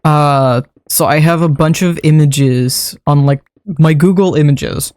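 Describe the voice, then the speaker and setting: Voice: mid-range voice, measured pace, darkish tone, no echo. A young adult streamer chatting casually while building in a game, rambling from one story to the next with frequent laughs and the odd swear word.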